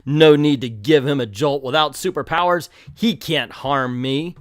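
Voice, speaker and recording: A man's voice: fairly high pitch, measured pace, dry recording, natural voice. Gloating villain, male, cackling and boastful, put on by a man reading a comic, dry close sound.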